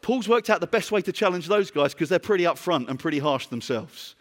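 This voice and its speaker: British male preacher, higher voice, chatty sermon, hall reverb, asks the room questions. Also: lively intonation, brisk, a bit bright. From Britain. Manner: conversational, asks the congregation questions.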